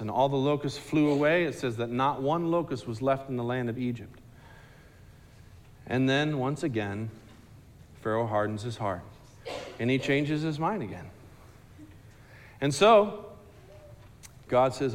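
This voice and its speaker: A man telling a Bible story to a group in a casual, animated, slangy way, asking the listeners questions directly. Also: mid-range voice, unhurried, long pauses, in a large hall.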